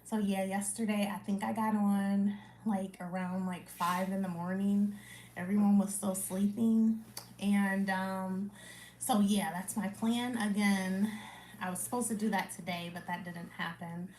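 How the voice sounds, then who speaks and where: A woman reading scripture aloud on a livestream, then chatting with her viewers, her speech loose and full of "like" and "um". She talks at a slow, unhurried pace. The room is echoey, with a faint hum of ambience behind her. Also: mid-range voice. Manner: unhurried, relaxed, with many fillers like "like" and "um". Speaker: livestream Bible reading host. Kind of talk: Bible reading aloud and casual chat to viewers.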